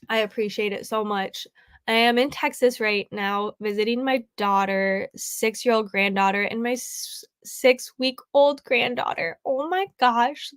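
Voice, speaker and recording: A young adult woman hosting a casual crafting livestream from home, chatty and tearful, laughing often and saying "like" a lot as she reads comments. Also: fairly high pitch. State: tearful, grieving. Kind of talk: casual live chat, reading comments.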